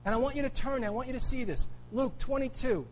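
A man's voice: very high-pitched, fast, muffled recording, slight background noise. A man preaching a sermon, emphatic, repeating key phrases for weight. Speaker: pastor.

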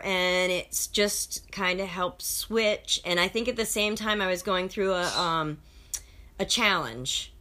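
A woman's voice: lowish voice, moderate pace. A woman in casual conversation, telling stories and acting out the people in them. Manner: animated storyteller, acts out quotes.

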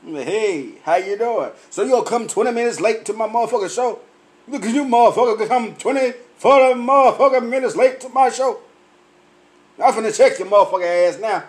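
A man, tipsy from drinking, telling loud, profane comic stories and laughing at his own punchlines. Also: high-pitched. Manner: loud, laughing, heavy cursing, drawn-out punchlines. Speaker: comedian vlogger. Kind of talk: profane comic storytelling rant.

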